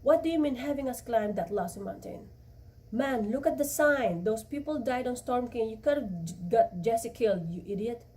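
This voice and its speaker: A woman's voice: fairly high pitch, expressive, normal speed, warm tone, far from the mic, natural voice. A woman voicing a furious teenage boy who hurls accusations, read aloud from a novel. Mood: angry. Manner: accusing, harsh.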